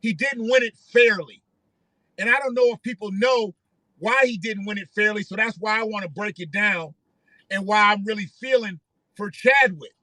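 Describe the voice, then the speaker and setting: A man's voice: sits high, moderate pace, sharp tone, no room sound. A man hosting a live stream, giving rambling, profane commentary and often repeating himself. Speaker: livestream host.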